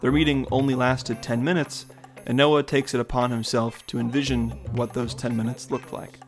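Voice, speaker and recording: A man reads a scripted essay in a measured, analytical way. His voice sits at a middle pitch, and soft music plays beneath it. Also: flat delivery. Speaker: video essay narrator. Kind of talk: scripted narration.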